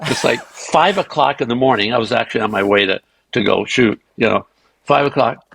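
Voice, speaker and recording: An older man, a guest actor, telling animated, salty anecdotes in an interview. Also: mid-range voice, fairly quick, vocal fry, slight background noise, poor audio. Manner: animated raconteur, swearing. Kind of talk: anecdotal storytelling.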